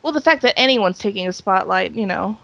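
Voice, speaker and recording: A woman co-hosting a podcast in casual chat, dry and quick to heckle and agree. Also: medium pitch, expressive, gravelly, a bit bright, muffled recording. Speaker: podcast co-host.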